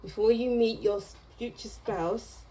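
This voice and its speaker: A woman's voice: on the high side, steady tone, unhurried, mellow, rough recording. A woman giving a casual tarot reading to camera, chatty and meandering, with small laughs as she goes. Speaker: tarot reader.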